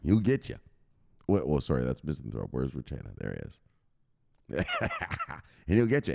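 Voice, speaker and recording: A man hosting a crypto news stream in a boisterous, profane casual chat and shouting out viewers. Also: extremely low pitch, huge pitch swings, moderate pace, gravelly.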